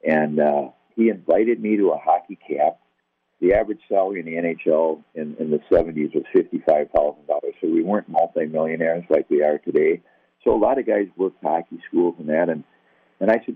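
Sharing his testimony as a guest, a husky, deep-voiced older man talks fairly quickly and conversationally about his past, poking fun at himself and slipping into the voices of the characters he quotes. The audio sounds thin and tinny like a phone, dry with no echo.

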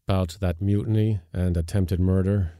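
A man voicing a stern, burly old sea skipper who talks in a blunt, rough seaman's dialect. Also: sits low, steady tone, moderate pace, warm tone, dry recording, clean studio sound.

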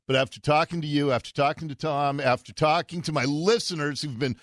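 A man in his fifties hosting a radio talk show, excitable and joking. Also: on the high side, a little fast, no echo, clean studio sound. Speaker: radio host.

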